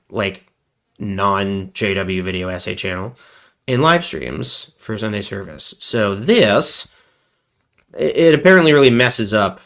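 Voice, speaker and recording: Male host, somewhat low voice, casual self-correcting livestream talk. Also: a bit bright. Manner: rambling, self-correcting, wry asides.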